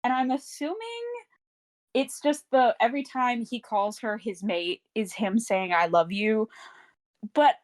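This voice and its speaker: A woman's voice: fairly high pitch, measured pace. A woman co-hosting a book club podcast in casual chat, wry and teasing, often trailing off with fillers.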